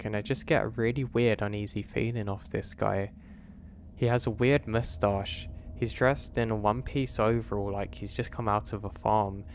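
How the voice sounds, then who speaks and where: A man, narrating a first-person horror story in a steady, earnest way. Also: lowish voice, slight background noise.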